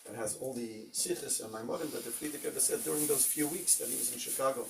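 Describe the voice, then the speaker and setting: A rabbi leads an informal Torah class, telling stories conversationally with lots of fillers and Hebrew terms. His mid-range voice is creaky and quick-paced, picked up by a distant mic with faint noise.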